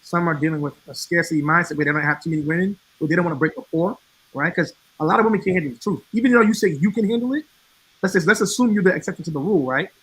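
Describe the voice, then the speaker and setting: A man's voice: fairly high pitch, rapid-fire, husky, low-quality recording. A man hosting a podcast, probing with questions and tagging points with "right?". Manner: probing, says "right?" often. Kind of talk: casual podcast interviewing.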